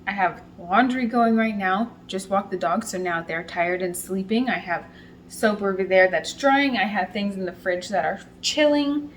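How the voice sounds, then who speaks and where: A woman hosting a casual home vlog, talking through her work in a chatty, self-deprecating way with quick bursts of speech. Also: medium pitch, a little hiss or hum, low-quality recording. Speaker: soap maker and channel host. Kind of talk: casual vlog narration while working.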